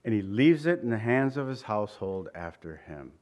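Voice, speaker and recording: A man's voice: lowish voice, sing-song, normal speed, darkish tone. A man preaching a sermon as pastor, earnest and conversational, stressing points by repeating them.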